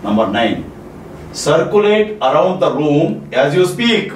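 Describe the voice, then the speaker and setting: A man from India teaching soft skills, giving numbered presentation tips and repeating his key points for emphasis. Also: a little high, very animated, slow. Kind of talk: spoken lecture with numbered tips. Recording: echoey room, distant mic, faint noise.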